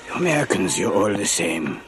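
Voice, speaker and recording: An actor playing a menacing middle-aged Nazi agent, speaking in a sinister, sneering way. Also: male voice, low-pitched, sing-song, a little fast. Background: film score music.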